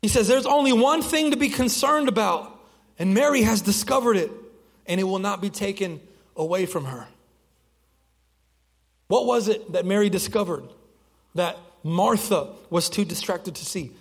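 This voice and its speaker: A man's voice: sits high, breathy edge, in a large hall. A young man preaching a sermon as pastor, telling stories in a conversational way with frequent restarts. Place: church sanctuary.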